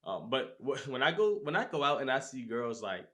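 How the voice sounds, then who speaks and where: A man with an ordinary mid-range voice hosts a casual podcast chat. He tells his stories in an animated way and acts out his own lines and reactions as he goes. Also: medium pitch, a little fast. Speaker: podcast host.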